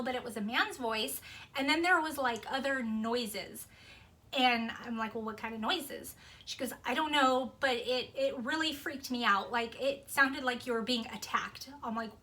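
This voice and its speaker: Chatty bright-voiced young woman vlogger. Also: a little high, moderate pace. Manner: chatty, rambling, lots of fillers. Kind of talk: casual storytelling to camera.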